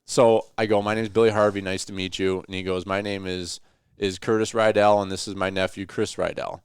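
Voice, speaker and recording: A man spins a hunting yarn at camp, his low voice jumping up whenever he acts out what someone said. The sound is dry and close, with no room around it. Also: fairly quick, clear, resonant tone, no echo. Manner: animated storyteller, acts out quotes with rising voice. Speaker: hunting podcast host. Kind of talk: casual storytelling around deer camp. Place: hunting cabin.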